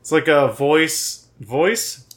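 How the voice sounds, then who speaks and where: Teasing man with a higher voice. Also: animated, slow pace. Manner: wry, teasing interjections. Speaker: podcast co-host. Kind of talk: comedic casual chat.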